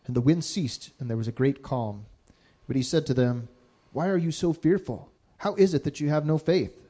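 A man reads Bible passages aloud at a steady, measured pace. His voice is dark and mellow, with an even, unhurried rhythm. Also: fairly high pitch. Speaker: scripture reader.

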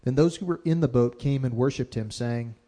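Male scripture reader, dark mellow tone, steady measured delivery, Bible reading aloud. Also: medium pitch.

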